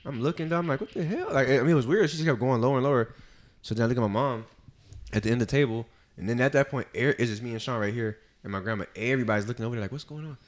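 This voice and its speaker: A man's voice: medium pitch, steady tone, very fast. A man co-hosting a podcast, telling stories in casual chat with slang and fillers. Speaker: podcast co-host.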